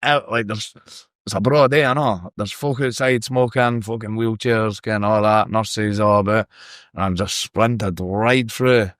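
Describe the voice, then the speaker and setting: A Scottish man spins a lively, sweary yarn in a casual podcast chat. His voice sits fairly low. The sound is dry and close, with no room echo. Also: unhurried. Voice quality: sweary, animated storyteller. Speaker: podcast guest. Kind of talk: casual storytelling.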